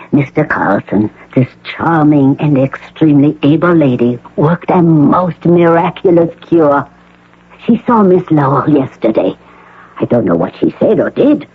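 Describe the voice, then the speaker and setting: A man playing a self-assured hospital doctor in a 1980 radio drama, speaking in a measured, formal, precise way. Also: a little high, husky. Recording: narrow phone-like radio broadcast.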